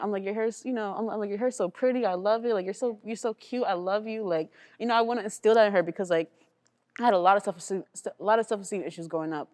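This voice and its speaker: A woman's voice: medium pitch, darkish tone. A young woman student on a panel, speaking emotionally and saying "like" a lot. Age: young adult. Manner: emotional, repeats "like" often. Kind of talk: casual panel discussion.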